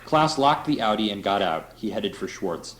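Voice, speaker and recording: A man's voice: lowish voice, expressive, moderate pace, poor audio. Man reading a novel aloud, loose and laughing. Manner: loose, laughing, with offhand asides. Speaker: reader.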